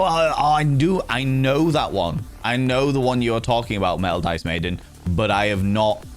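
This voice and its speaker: A low-voiced British man hosts a casual livestream, telling stories with animated swings and plenty of swearing. He greets his chat playfully between tales, with faint music underneath. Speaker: livestream host.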